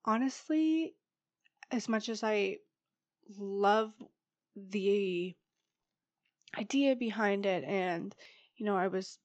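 A young woman hosting a solo podcast, talking candidly and chattily while she has a head cold that makes her a little husky and stuffy. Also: mid-range voice, slow, long pauses, no echo, muffled recording. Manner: chatty and candid, often says "you guys" and "like". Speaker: podcast host.

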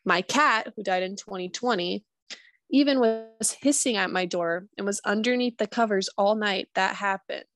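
A young woman co-hosting a casual podcast, chatty and quick to laugh and swear. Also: medium pitch, fairly bright tone. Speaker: podcast co-host. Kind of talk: casual chat, reading a listener story.

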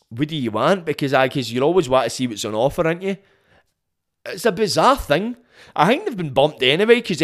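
A man with a Glaswegian accent hosting a podcast, rambling through a sweary comic monologue and mimicking people in quick asides. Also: mid-range voice. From Scotland. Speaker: podcast host.

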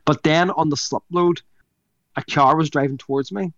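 A man's voice: on the high side, fairly even intonation, normal speed, a bit bright, dry recording. Man, casual podcast co-host, rambly and sweary, dry dull-sounding recording. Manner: rambling, sweary, laughs mid-sentence. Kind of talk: casual storytelling chat.

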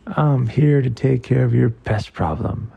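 A man voicing a blustering cowboy gunslinger in a bedtime story, with a drawling, slowed delivery. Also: medium pitch, creaky, dark tone, husky, dull audio, heavily acted. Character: blustering cowboy gunslinger, grumpy pest-hunter.

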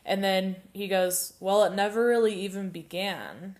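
A young woman co-hosting a podcast in casual chat, rambling and animated, swearing casually. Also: mid-range voice, unhurried. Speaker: podcast co-host.

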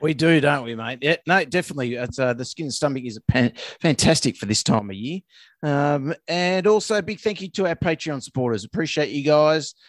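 A man with an Australian accent trades dry, teasing banter as a podcast co-host. His voice sits a little high, and the sound is dry and close, with no echo, recorded over a remote call. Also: lively intonation, a little fast. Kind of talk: casual chat.

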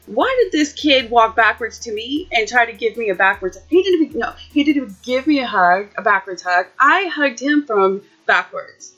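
A woman vlogger telling a family story in a casual, chatty, animated way. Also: on the high side, normal speed, few pauses, faint music behind. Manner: chatty, animated, jumps back and forth. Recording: dull lo-fi recording.

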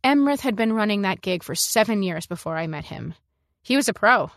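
A woman narrating a science fiction story in the first person, in a measured, reflective way. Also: mid-range voice, animated, dry recording, studio quality. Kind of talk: scripted narration.

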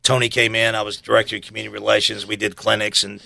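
An older man chatting casually, an animated storyteller who acts out quotes and laughs as he recalls working for a soccer club. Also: fairly low pitch, fast talker, vocal fry, heavy background noise. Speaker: former soccer club staff guest. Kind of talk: casual chat.

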